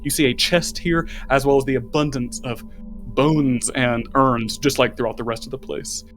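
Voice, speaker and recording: A man's voice: medium pitch, fairly even intonation, normal speed, a bit bright, soft background music. A man running a tabletop game as game master, describing scenes in a rambling way.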